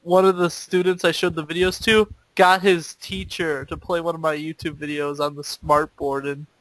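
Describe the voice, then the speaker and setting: A teenage podcast co-host talking casually with a high, bright voice. He swears constantly and laughs a lot. The sound is close and dry. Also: flat delivery, moderate pace, no room sound, low-quality recording. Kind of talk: casual chat.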